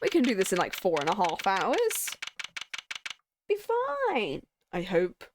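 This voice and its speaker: Lively woman streaming a game. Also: mid-range voice, unhurried, noisy background. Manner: joking, sardonic, lively. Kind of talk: voicing a game playthrough with commentary. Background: game music.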